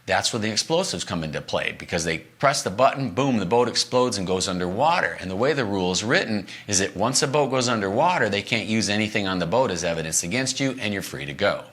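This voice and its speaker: A man's voice: fast, few pauses. A middle-aged man hosting a podcast, telling a story from the road in a casual way and acting out the quoted lines. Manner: animated, acts out quoted lines with big pitch jumps.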